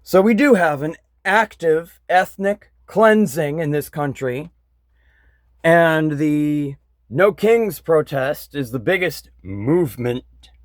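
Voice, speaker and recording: Slow-talking, angry man ranting. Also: fairly high pitch, dry recording. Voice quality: blunt, frequent swearing, bitter. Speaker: vlogger. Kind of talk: angry political rant.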